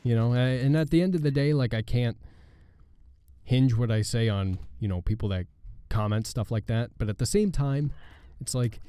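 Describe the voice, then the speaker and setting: A man hosting a gaming channel, chatting casually and rambling with halting, sarcastic asides over gameplay. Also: medium pitch, dark tone, clean tone, no echo.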